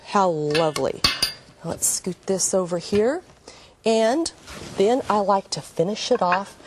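A woman's voice: mid-range voice, a little mellow, slight background noise. An older woman hosting a TV cooking demonstration, talking in a gushing, homey, cheerful way in a kitchen set. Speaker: cooking show host.

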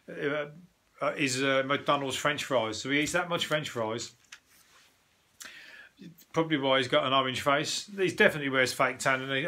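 Rambling, swearing comedian. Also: male voice, medium pitch, sharp tone. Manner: rambling, swearing, frequent restarts and self-corrections. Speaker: comedian hosting a news review show. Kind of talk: casual comic monologue.

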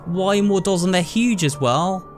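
A man's voice: high-pitched, expressive, measured pace, over music. Jumpy man narrating a horror game. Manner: jumpy, frightened, talks to viewers. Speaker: gamer.

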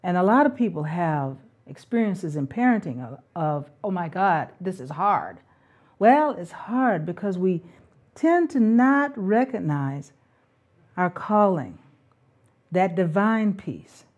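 A middle-aged woman hosting a talk on parenting, speaking in an earnest, reflective and spiritual way, with soft laughs now and then. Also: mid-range voice, expressive, takes it slowly, muffled recording.

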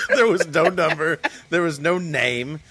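A man's voice: a little high, breathy edge. A man co-hosting a casual podcast, telling stories with lots of laughs and swearing. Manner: animated storytelling, swears freely, laughs often. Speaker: podcast co-host. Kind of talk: casual chat.

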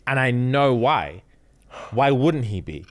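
Young male podcast co-host, lively storyteller, voice swinging high and low. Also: takes it slowly. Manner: animated storytelling, acts out quotes, laughs often. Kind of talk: casual chat.

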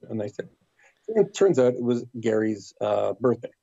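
A man spins a casual anecdote as a podcast guest, acting out what others said. His voice is gravelly and warm. The recording sounds dull and dry, with a lo-fi edge. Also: mid-range voice, normal speed, dry recording. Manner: lively storyteller, acts out quotes. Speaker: podcast guest telling a story.

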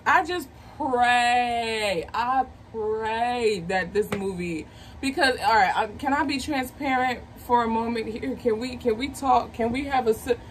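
A woman in her thirties hosting a movie review channel, chatting casually in a slangy, excitable way. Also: a little high, a little hiss or hum, poor audio. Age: 30s. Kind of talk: casual chat.

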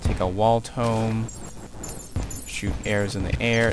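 A young man commenting on his own gameplay as he plays, muttering to himself and yelling taunts at enemies. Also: lowish voice, flat delivery, slow pace, noisy background. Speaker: let's play gamer. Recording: game music loud behind the voice.

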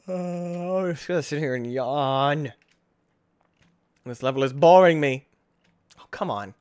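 A young man giving excitable playthrough commentary, breaking into sudden high yelps and self-mocking groans. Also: unhurried, pauses often, smooth. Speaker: gaming channel host.

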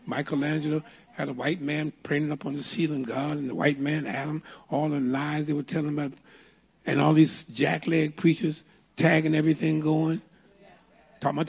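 Gravelly older preacher telling a story. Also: male voice, on the high side, darkish tone. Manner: storytelling preacher, folksy and emphatic. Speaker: pastor. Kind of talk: sermon. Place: church sanctuary.

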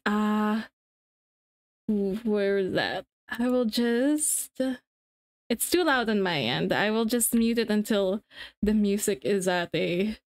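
A woman live-streaming to her viewers in casual chat, rambling and giggling, restarting her sentences as she fiddles with settings. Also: mid-range voice.

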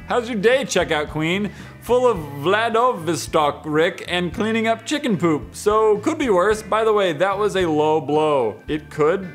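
A man's voice: high voice, expressive, a little slow, a bit bright, faint music behind. A young man hosting a comedy video, playfully reading text messages aloud and joking about them. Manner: playful, jokey, often laughing.

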